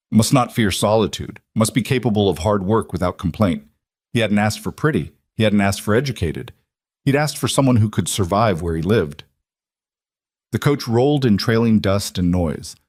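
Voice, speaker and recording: A male narrator reads a scripted story in a low, even voice. His delivery is steady and unhurried. The recording is close-miked and dry, with no room sound. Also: dry recording.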